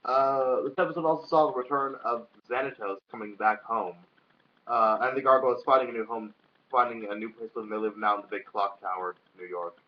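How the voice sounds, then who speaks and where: A man's voice: mid-range voice, fairly even intonation, brisk. A young man co-hosting a casual vlog chat, rambling with lots of fillers and swearing freely. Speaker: vlog co-host. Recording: dull lo-fi sound.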